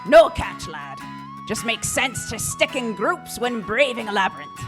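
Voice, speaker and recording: A woman's voice: fairly high pitch, very animated, moderate pace, voice pushed up. A woman voicing a cheerful male bard guide in an attempted Scottish-style brogue. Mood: breezy. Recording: faint game music behind.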